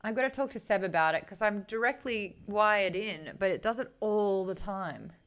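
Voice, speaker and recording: A woman's voice: mid-range voice, moderate pace, fairly bright tone, clean tone. A young Australian woman streaming live, chatting casually and reading her viewers' comments aloud in a bubbly way that breaks into laughs easily.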